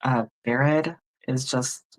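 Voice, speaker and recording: A woman's voice: very deep voice, fairly even intonation, slow pace. A woman hosting a tarot livestream, chatting casually, musing aloud and thanking viewers by name. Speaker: tarot reader and livestream host.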